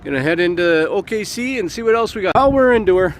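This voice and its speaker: A man's voice: high-pitched, lively intonation, quick pace. A middle-aged Canadian truck driver chatting casually to a phone camera outdoors beside his truck, exclaiming at the gusts. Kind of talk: casual vlog chat. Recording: loud wind noise on mic. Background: wind gusts.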